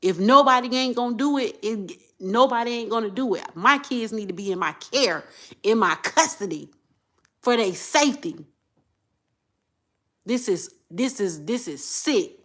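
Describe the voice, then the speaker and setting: A woman, talking straight to her viewers in an emotional monologue. She repeats herself and swings from low muttering to loud outbursts. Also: animated, unhurried. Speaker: vlogger.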